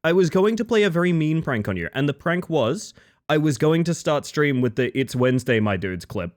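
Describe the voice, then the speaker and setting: Male streamer, casual live chat, bouncy animated pitch, playful jokey asides. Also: normal speed.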